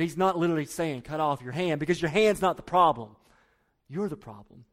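A man preaching a sermon, emphatic, repeating key phrases and dropping to quiet low lines. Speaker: pastor.

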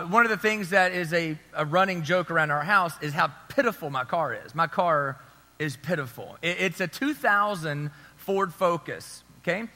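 Male pastor, 30s: bright, high-pitched, chatty storytelling sermon, echoey church hall. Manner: storytelling, conversational, asks the crowd for agreement. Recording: long hall reverb.

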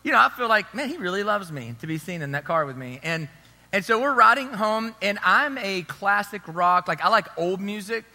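A man in his thirties preaches with a relaxed storytelling manner, often checking in with the crowd. His voice is high and very bright. It rings out in a church hall with a long reverb tail. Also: moderate pace. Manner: storytelling, conversational, asks the crowd for agreement. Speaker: pastor. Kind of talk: sermon.

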